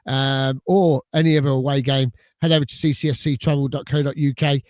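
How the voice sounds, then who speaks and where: A man's voice: a little high, steady tone, normal speed, hardly any pauses, darkish tone, no room sound. A man hosting a football fan podcast, casually reading out sponsor plugs with fillers. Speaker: podcast host.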